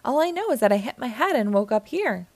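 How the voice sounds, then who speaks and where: A woman voicing a cheerful, naive male cartoon sea sponge in a high, excitable voice for a storybook. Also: a little fast, no room sound. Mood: bright, eager.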